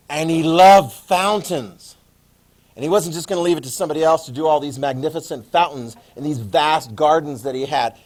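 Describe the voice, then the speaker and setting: A man in his fifties giving a classroom history lecture, lively and joking, acting out quotes. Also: a little high. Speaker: history teacher.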